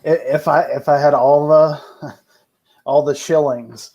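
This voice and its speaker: A man speaking as a guest on a casual podcast, telling stories in a relaxed, rambling way. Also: on the high side, slow, lo-fi sound, a crowd in the background. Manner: relaxed and rambling, with many fillers. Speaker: podcast guest, firearms instructor.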